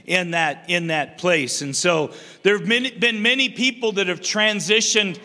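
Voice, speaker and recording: Bright, high-voiced older pastor preaching. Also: male voice, measured pace, in a large hall. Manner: call-and-response preaching, repeats and restarts phrases. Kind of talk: sermon. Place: church sanctuary.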